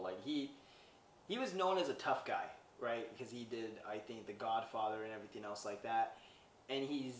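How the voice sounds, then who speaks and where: A man with a fairly low-pitched voice hosts a podcast, recapping a movie in a loose, rambling manner and acting out scenes with lots of "he's like" quotes. There's slight background noise, the room echoes, and the mic is placed at a distance.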